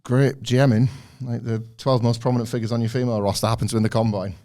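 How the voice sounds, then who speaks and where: A man co-hosting a podcast, chatting in a rambling, animated way and acting out other people's lines. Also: medium pitch, fast talker. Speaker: podcast co-host. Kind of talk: casual wrestling recap chat.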